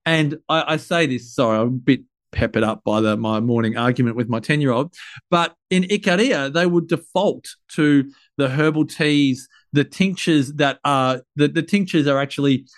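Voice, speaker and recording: A man's voice: fairly high pitch, moderate pace, no echo, studio quality. A man hosting a podcast interview, chatty and playful, rambling a bit with plenty of fillers. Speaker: podcast host. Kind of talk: casual conversational interview.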